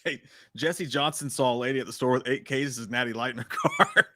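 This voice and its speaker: A man's voice: medium pitch, expressive, a little fast, sharp tone, no echo, clean studio sound. A man co-hosting a podcast in laid-back, profane casual banter, laughing often. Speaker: podcast co-host.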